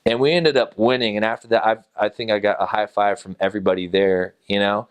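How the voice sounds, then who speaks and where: Brief: low-voiced man, relaxed storyteller, casual and unhurried, filler-heavy. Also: smooth. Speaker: former missionary. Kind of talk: personal anecdote told to camera.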